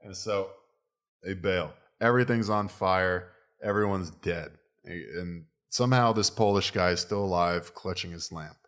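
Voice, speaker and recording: A man with a very deep, low voice spins a crude joke in relaxed conversation. He rambles and swears casually as he builds toward the punchline. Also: unhurried. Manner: profane, rambling storyteller.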